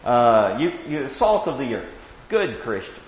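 A man in his sixties teaching a Bible class with anecdotes, animated, chuckling and repeating words as he starts sentences. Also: mid-range voice, a little slow. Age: 60s. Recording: echoey hall, dull lo-fi sound.

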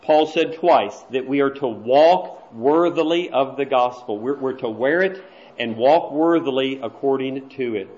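A man preaches to his congregation, telling a story with earnest conviction and slipping into hushed asides now and then. His voice sits at an ordinary middle pitch. The church recording sounds dull and roomy. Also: measured pace. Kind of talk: sermon. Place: church sanctuary.

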